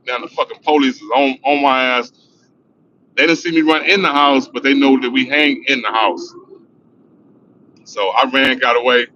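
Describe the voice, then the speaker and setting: A man's voice: mid-range voice, steady tone, moderate pace, long pauses, bright, forceful tone. A middle-aged man from Los Angeles telling a profane, rambling street story on a livestream. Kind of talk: casual storytelling. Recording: dull lo-fi sound with faint noise.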